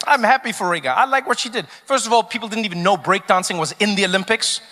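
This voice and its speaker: A man performing a stand-up comedy routine, riffing in an animated, mock-puzzled way and acting out quotes. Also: sits high, fast. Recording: reverberant hall, faint ambience.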